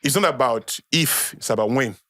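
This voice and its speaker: A man's voice: medium pitch, normal speed, a bit bright. A man with a Nigerian accent, a podcast guest lecturing in a conversational way, repeating key phrases for emphasis. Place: podcast studio.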